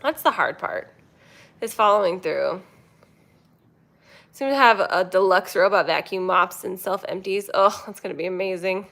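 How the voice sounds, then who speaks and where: Young woman, livestream host, casual rambling chat, reads viewer comments, middle pitch. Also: normal speed, gravelly, long pauses, fairly bright tone. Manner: chatty and rambling, talks to her cats mid-sentence. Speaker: kitten rescue livestream host.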